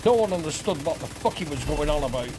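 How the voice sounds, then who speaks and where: A man's voice: on the high side, expressive, fast, noisy background. A middle-aged man, rambling and swearing through school anecdotes while playing a game. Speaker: gaming streamer. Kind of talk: casual storytelling over gameplay.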